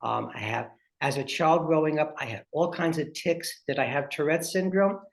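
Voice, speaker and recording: This family advocate hosts a webinar, relating stories in a spirited manner while speaking right to his audience. His voice leans high and creaky, delivered at a normal speed.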